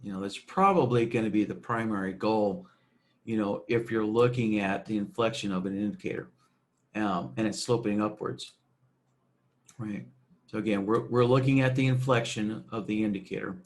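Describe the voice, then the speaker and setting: A man presenting a screen-recorded software tutorial, talking casually with many fillers and checking "right?" as he goes. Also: fairly low pitch, steady tone, normal speed.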